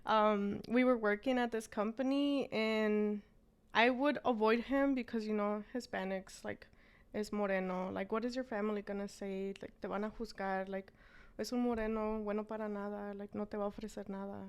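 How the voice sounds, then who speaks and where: A woman's voice: medium pitch, fairly even intonation, normal speed, clear, resonant tone. A woman, a business owner telling her story as an interview guest and switching between English and Spanish.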